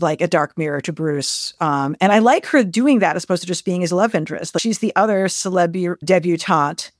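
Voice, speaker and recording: A woman's voice: lowish voice, no room sound, clean studio sound. A woman co-hosting a casual discussion, talking thoughtfully with many fillers and restarts.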